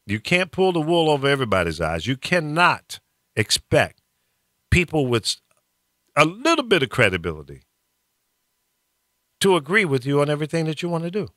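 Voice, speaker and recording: A man's voice: a little high, very animated, moderate pace, pauses often, a bit bright, no echo, studio quality. A man hosting a radio talk show, speaking emphatically and joking. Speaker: radio host. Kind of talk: casual chat.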